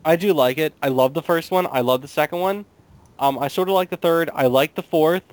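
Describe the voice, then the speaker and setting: Dry, smooth-voiced young man hesitating. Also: on the high side, a little fast, no echo. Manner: dry, hesitant, many ums. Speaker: podcast co-host. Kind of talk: casual chat.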